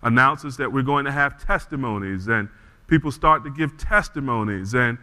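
Bright-voiced preacher in a reverberant church. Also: male voice, medium pitch, moderate pace. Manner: animated storyteller, frequent restarts. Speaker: pastor. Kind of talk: sermon with storytelling.

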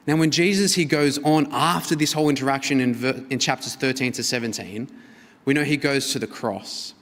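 Earnest preacher in an echoing hall. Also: male voice, medium pitch, fairly quick. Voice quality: earnest, expressive, swings between emphatic and hushed. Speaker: pastor. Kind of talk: sermon. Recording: reverberant hall.

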